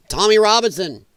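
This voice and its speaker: A sarcastic, profane man from the American Midwest rants as host of a political commentary stream, mockingly mimicking others. His voice is high and a bit bright, recorded dry at studio quality.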